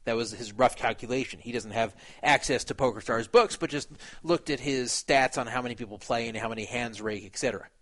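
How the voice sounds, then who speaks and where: A man's voice: medium pitch, a little fast, a bit bright. A man retelling a poker dispute in a casual, opinionated way. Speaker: poker commentator. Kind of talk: casual commentary.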